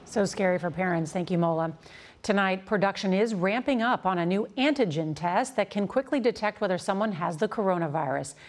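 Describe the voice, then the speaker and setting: A woman anchoring an evening newscast in a crisp, composed way. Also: mid-range voice, a little fast. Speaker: news anchor. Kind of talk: news anchoring.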